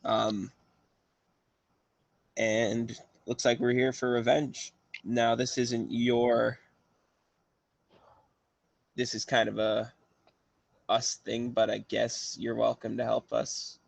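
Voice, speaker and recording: A man voicing a plain-spoken male adventurer who talks things through slowly in a tabletop game. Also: mid-range voice, flat delivery, gravelly, no room sound. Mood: matter-of-fact.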